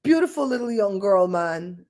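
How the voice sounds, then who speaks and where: A woman talks through a casual livestream in a chatty, expressive way. She moves from story to story, and she has a voice of ordinary pitch for a woman. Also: moderate pace. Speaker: livestream host.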